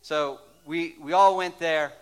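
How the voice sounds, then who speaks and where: A man's voice: a little high, takes it slowly, smooth. Man preaching through a story. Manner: animated storytelling, dropping to a hushed, soft delivery toward the close. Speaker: pastor. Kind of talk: sermon storytelling.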